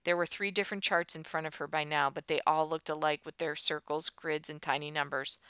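A woman narrating a tense audiobook in a fairly low but very bright, clear voice. She keeps a steady storytelling manner. The recording is close and dry. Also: fairly quick, few pauses, dry recording.

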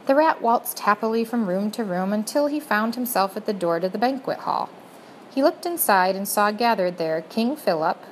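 A woman narrating a children's storybook, speaking directly to the reader in a gently expressive way. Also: mid-range voice, slight background noise, rough recording. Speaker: audiobook narrator.

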